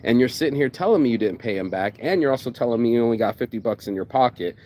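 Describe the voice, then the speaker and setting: Animated, swearing man telling a story. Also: medium pitch, fast talker. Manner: animated, acts out both sides of conversations, swears. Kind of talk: casual storytelling rant.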